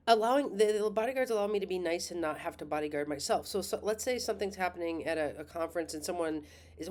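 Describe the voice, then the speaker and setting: A middle-aged woman astrologer talks in a loose, rambling monologue, full of fillers, self-corrections and the odd laugh. Her voice sits a little low for a woman. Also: a little mellow. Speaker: astrologer and school host. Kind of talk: casual monologue.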